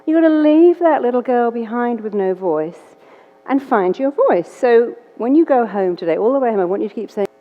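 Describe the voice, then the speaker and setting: A woman hypnotherapist telling a client story in an animated way, acting out both sides of the dialogue. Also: fairly high pitch, normal speed. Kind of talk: storytelling talk. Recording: dull audio in a reverberant hall.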